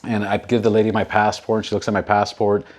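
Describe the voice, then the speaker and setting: A young adult man hosting a podcast, telling a travel story in an animated way and often repeating words as he gets going. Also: on the low side, fairly quick. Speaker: podcast host. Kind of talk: casual storytelling.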